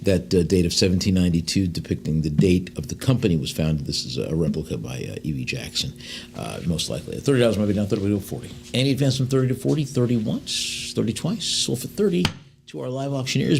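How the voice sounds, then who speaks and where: A man working as an auctioneer in a live sale, reading out lot descriptions and then calling bids in quick runs. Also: lowish voice, lively intonation, creaky, a little mellow, slight background noise. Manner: fast bid calls between slower lot descriptions, with fillers.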